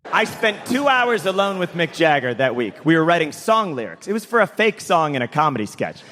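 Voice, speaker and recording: A man performing a stand-up routine, telling a story with lively impressions, recorded live in a hall. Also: on the high side, brisk. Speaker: stand-up comedian. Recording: live hall with faint crowd noise.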